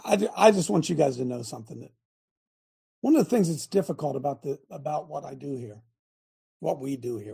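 A husky man hosts a faith show in the manner of a coach. He jumps from loose chat to shouted exhortation, repeating phrases and laughing between points. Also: on the high side. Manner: animated, shouting bursts, laughs, repeats himself. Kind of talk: exhorting talk to a live audience.

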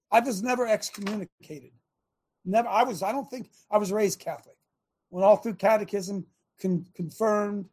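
A middle-aged man delivers a conversational sermon, moving between stories and direct questions to his listeners. His voice sits high and has a husky edge. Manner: animated, storytelling, asks listeners questions. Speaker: show host preaching. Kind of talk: conversational preaching.

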